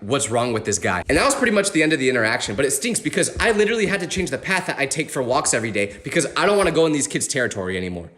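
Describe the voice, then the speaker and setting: A man in his twenties races through scripted comedic stories, his voice swinging widely from low to high. He sits a little above the usual male pitch and keeps a jokey, self-mocking tone throughout. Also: sing-song, rapid-fire, hardly any pauses, a bit bright. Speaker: comedic storyteller.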